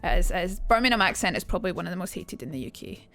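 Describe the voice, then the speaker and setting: A woman's voice: lowish voice, expressive, racing, fairly bright tone, soft background music. Blunt, chatty young woman streamer. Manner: chatty, blunt, swears freely, answers chat. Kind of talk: casual live-stream chat.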